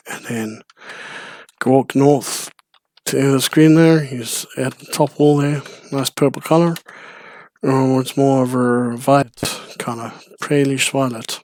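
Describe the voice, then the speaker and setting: A man's voice: medium pitch, steady tone, a little slow, no room sound, studio quality. A man giving playful, rambling commentary on a video game, with frequent chuckles. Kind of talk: let's play commentary.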